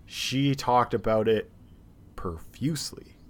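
A man co-hosting a podcast, telling a story in casual, animated, exasperated bursts full of swearing. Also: mid-range voice, fairly quick. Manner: animated, profane, exasperated retelling. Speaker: podcast co-host. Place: seated in a podcast studio chair.

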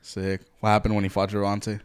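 Sarcastic, foul-mouthed man with smooth voice. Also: fairly low pitch, monotone, fast talker. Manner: profane, sarcastic, mocking banter. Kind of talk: casual chat.

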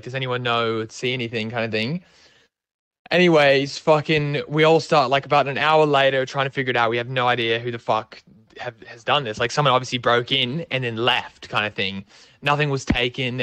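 A man's voice: medium pitch, a bit bright, clear, resonant tone, no room sound. Aussie guy in his twenties telling a sweary story, laid back, dry mic. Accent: Australian. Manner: sweary, rambling, slangy. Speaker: storyteller guest. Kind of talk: casual storytelling.

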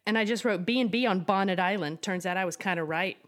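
A woman co-hosting a podcast, recapping a story in a brisk, casual way. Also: medium pitch, fairly bright tone. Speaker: podcast co-host. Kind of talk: casual chat, recapping episodes.

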